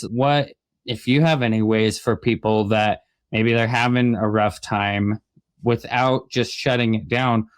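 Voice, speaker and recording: A man's voice: on the low side, no room sound. A man hosting an interview show, supportive and affirming, asking long questions. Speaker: podcast host. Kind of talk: casual interview.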